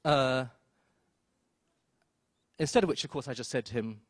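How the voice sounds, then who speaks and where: A man telling a story on stage at a live event, wry and self-mocking, with quick asides and acted-out quotes. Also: medium pitch, no echo, studio quality. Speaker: storyteller, film critic. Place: theater stage before an audience.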